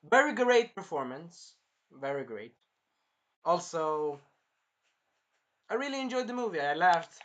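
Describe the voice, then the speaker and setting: A man's voice: fairly high pitch, big pitch swings, measured pace, pauses often. Rambling young man reviewing a film. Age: early 20s. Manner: rambling, jumps between topics with sudden loud bursts. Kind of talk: casual rambling movie review.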